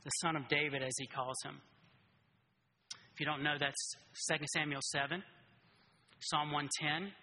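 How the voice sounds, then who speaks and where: A man preaching a casual, animated sermon who keeps checking in with his listeners by asking "right?". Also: fairly high pitch, moderate pace, pauses often, slight background noise. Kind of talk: conversational sermon. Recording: reverberant hall.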